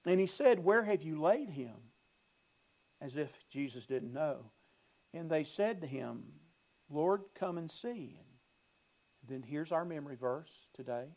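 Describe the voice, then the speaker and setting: A man's voice: on the high side, animated, measured pace, darkish tone, low-quality recording. A male pastor preaching a sermon, emphatic, repeating phrases and building emphasis.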